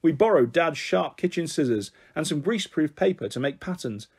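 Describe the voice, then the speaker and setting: A man reads a children's book aloud in a gentle, expressive storytelling manner. His voice sits fairly high for a man. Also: normal speed, breathy edge.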